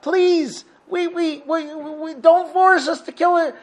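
A frightened sailor pleads and bargains, his words rising in a high, strained appeal, as a man acts him out while retelling a story. The voice sits well above a typical man's and pushes harder as it begs. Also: fairly even intonation, slow. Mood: pleading. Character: desperate male sailors pleading for their lives.

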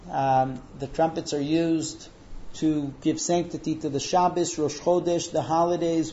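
High-voiced man teaching a religious lesson. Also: highs cut off. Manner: animated storyteller with fillers. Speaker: Torah teacher.

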